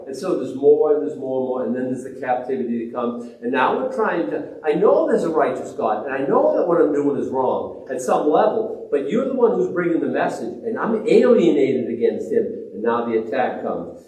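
A man preaching a sermon, animated, swinging between loud exclamations and hushed reverence, with frequent restarts. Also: medium pitch, normal speed. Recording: very echoey, distant mic.

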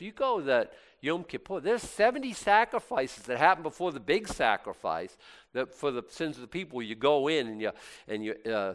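A man preaching a sermon, swinging from loud exclamations to soft, intimate asides. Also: a little high.

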